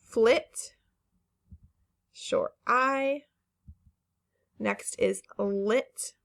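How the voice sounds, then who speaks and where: A woman teaching a phonics lesson to children, speaking slowly and carefully, stretching each word and encouraging the class. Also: mid-range voice, a bit bright. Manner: slow, careful word-by-word enunciation; patient and encouraging, with fillers.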